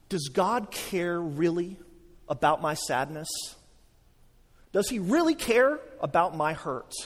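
A man preaching a sermon, swinging between loud emphatic lines and hushed, slow low passages. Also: in a large hall. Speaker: pastor.

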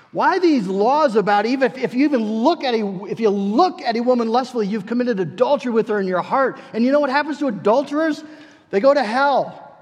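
Pastor, man, high voice, earnest sermon delivery with repeated words, long church-hall reverb. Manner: earnest, pleading, slows down for emphasis; repeats words as he searches for the next.

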